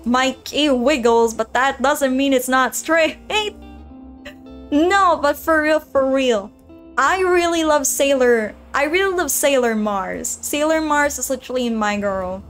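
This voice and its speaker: A woman's voice: fairly high pitch, lively intonation, a little slow, soft background music. A woman streaming a game, chatting casually to her viewers, giggling and rambling as she plays. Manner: giggly, rambling, talks to chat. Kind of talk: casual gaming stream chat.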